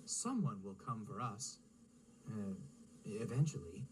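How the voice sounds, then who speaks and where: A man voicing a small, sensible male tank engine in a storybook reading, calm and reassuring, with music underneath. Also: lowish voice, slow pace, slight background noise, voice pushed down, low-quality recording.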